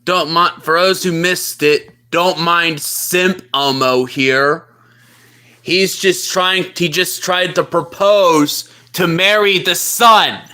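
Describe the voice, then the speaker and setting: A woman voicing a weary plush-toy narrator who speaks in a dry, unimpressed, deadpan way in a comic live-stream skit. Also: lowish voice, slow pace, pitched below the performer's own voice.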